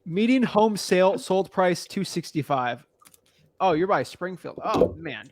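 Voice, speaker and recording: A young man from the United States giving casual, slangy coaching advice on a call, thinking out loud as he looks things up. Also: high voice, expressive, measured pace. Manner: laid-back, slangy, talks through what he looks up. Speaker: real estate wholesaling coach.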